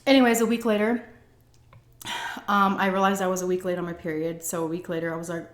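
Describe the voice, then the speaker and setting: A woman's voice: lowish voice, level tone, fast talker. A woman vlogger telling a personal story in a casual, chatty way, with many "like" and "um" fillers. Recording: echoey room.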